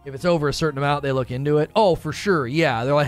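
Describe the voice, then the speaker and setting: A man hosts a casual live stream and talks through his thoughts in a loose, rambling way. He breaks off for quick asides and reads comments from chat. His voice sits a little high, with soft music underneath. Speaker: livestream host.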